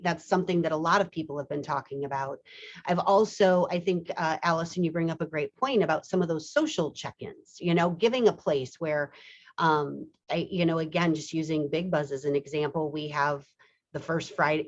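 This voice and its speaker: A woman hosting a panel discussion over a video call, rambling with frequent restarts and fillers. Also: on the low side. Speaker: webinar host. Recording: muffled video-call audio.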